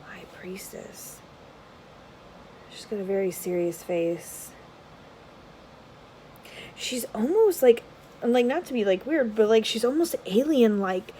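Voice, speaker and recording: A woman vlogger giving casual unboxing commentary, rambling with many filler words and dropping into soft, half-murmured asides. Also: fairly high pitch, sing-song, a little slow, long pauses, slight background noise, rough recording. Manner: drops to a soft whisper at times. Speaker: tarot vlogger.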